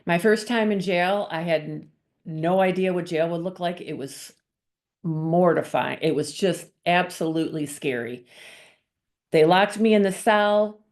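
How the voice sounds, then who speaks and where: A woman's voice: fairly low pitch, unhurried, a little mellow. A middle-aged woman giving an earnest personal testimony, acting out her past thoughts and conversations as she tells the story. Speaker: guest sharing her testimony.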